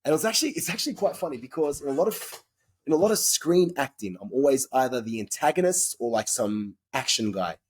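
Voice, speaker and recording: A husky, slightly rough-voiced Australian man chatting as a podcast guest. He talks frankly and in loose, rambling stretches, dropping the odd swear word as he goes. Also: mid-range voice, expressive, fast talker. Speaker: guest actor. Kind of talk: casual podcast interview chat.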